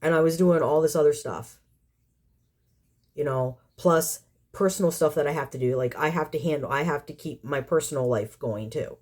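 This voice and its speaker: A woman's voice: low voice, normal speed, a little mellow. A woman hosting a cat rescue vlog, ranting at viewers in an exasperated, sarcastic way, rambling and firing off rhetorical questions. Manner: rambling with repeated phrases. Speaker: community cat caretaker and channel host.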